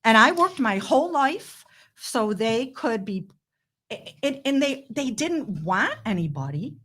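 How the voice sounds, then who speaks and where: A middle-aged woman, a guest, telling her story in an impassioned, blunt way with quick asides. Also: fairly high pitch, very animated, a bit bright. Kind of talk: emotional interview storytelling.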